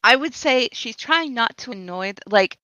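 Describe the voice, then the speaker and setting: A woman player in a tabletop game, talking in an animated way and laughing often. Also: fairly high pitch, normal speed, no room sound.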